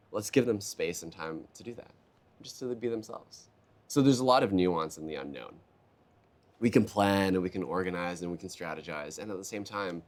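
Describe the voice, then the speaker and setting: Deep-voiced man telling lively stories. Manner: animated storyteller, acts out quotes in a raised voice. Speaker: keynote speaker. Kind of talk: conversational interview. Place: live event booth.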